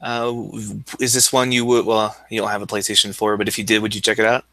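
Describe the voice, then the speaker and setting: Lower-voiced bright man co-hosting a podcast. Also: no room sound. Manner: relaxed, gives quick thumbs-up verdicts. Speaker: podcast co-host. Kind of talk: casual chat.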